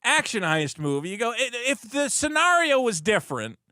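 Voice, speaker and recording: High, bright, animated male comedian. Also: normal speed, no room sound, studio quality. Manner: rambling, acts out scenes in quoted voices. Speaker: podcast co-host. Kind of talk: casual comedic banter.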